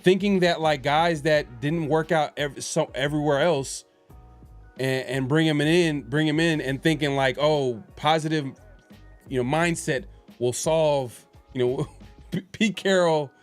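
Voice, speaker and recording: A man's voice: a little high, a little slow, soft background music. A man hosting a casual sports podcast, rambling with lots of fillers and restarts. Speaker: podcast host.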